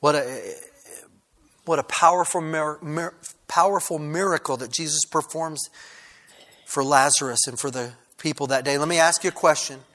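A male pastor delivers a sermon in a bright, forceful voice pitched a little high. He often stumbles and restarts his phrases. At times he climbs into loud, fervent preaching. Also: moderate pace. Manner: preaching with many restarts, rising to loud fervor.

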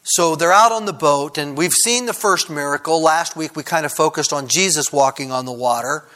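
A male pastor preaching a sermon in a relaxed, conversational way, often saying "kind of" and "uh". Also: on the high side, normal speed. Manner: conversational, frequent "kind of" and "uh" fillers.

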